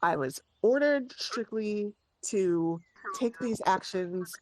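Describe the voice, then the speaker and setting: A woman's voice: mid-range voice, expressive, takes it slowly, a little mellow, a little hiss or hum. Woman doing a stern guard captain, officious and curt, tabletop game NPC. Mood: annoyed.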